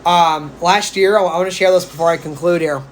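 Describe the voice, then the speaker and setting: A man's voice: on the high side, fairly even intonation, brisk, slight background noise. A psychic man giving casual spiritual advice on a live stream, chatty and rambling, with playful asides. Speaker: psychic medium.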